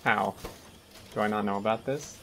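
A man's voice: fairly low pitch, moderate pace, gravelly, fairly bright tone, a little hiss or hum. Laughing sarcastic man chatting over a game. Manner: jokey, sarcastic, laughs often. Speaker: gaming host. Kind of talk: casual multiplayer game chat.

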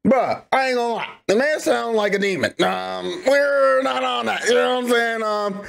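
A man's voice: very high-pitched, normal speed, vocal fry, a bit bright. A young man hosting a reaction video, chatting casually in a rambling, slangy way with laughing asides. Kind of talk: casual chat.

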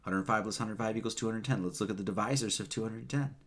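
A man's voice: fairly low pitch, quick pace, a bit bright. Man, preacher, casual sermon, rambling, filler-heavy delivery. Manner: loose, rambling, with fillers and profanity.

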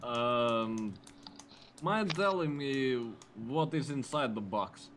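Slow-talking man playing a game character. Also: mid-range voice, lively intonation, a bit bright, slight background noise. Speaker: player. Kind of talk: in-character tabletop role-play.

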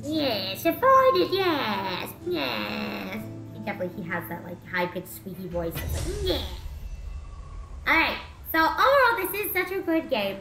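A young woman talks through her gameplay in a lively voice that sits a little high and swings up and down. She rambles, then breaks into shouts and laughter. The recording sounds roomy, with loud game music underneath. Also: unhurried, vocal fry. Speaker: VTuber gameplay host. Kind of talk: casual gameplay commentary.

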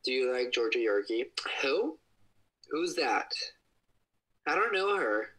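Excitable young man squealing on a livestream. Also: slow pace, rough recording. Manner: excitable, gushing, bursts into high squeals. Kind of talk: casual livestream chat.

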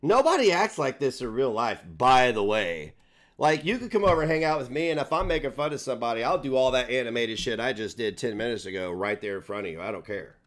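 Sarcastic profane male streamer. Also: medium pitch. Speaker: commentary streamer. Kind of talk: mocking live-stream commentary.

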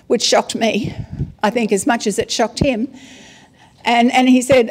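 A middle-aged woman preaching a sermon, telling stories in a lively, chatty way. Her voice sits somewhat high for a woman. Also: normal speed. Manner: lively, conversational storytelling with acted asides. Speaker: apostle and preacher.

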